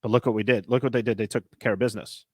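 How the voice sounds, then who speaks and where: A man hosting a casual sports podcast, talking in an animated, rambling way with lots of filler words. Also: on the low side, racing, slightly rough, dry recording, studio quality. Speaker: podcast host.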